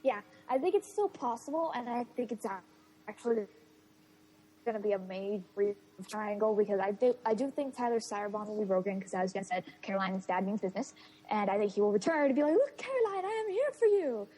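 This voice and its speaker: A young woman co-hosting a fan podcast in casual chat, lively and given to acting out characters in funny voices. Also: mid-range voice, brisk, rough recording. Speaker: podcast co-host.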